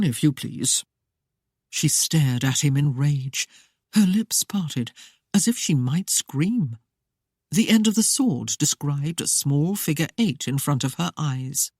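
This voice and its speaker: An audiobook narrator reading a historical romance in a steady, even storytelling manner. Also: medium pitch, no echo, clean studio sound. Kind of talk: scripted narration.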